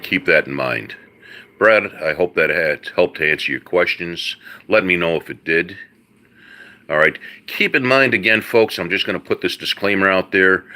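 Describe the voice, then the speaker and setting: A man's voice: low voice, pushed and bright. A middle-aged man hosting a live car-advice stream, explaining mechanics in a folksy way, full of "all right" and "uh" and calling viewers folks and buddy. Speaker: host answering viewers' car questions.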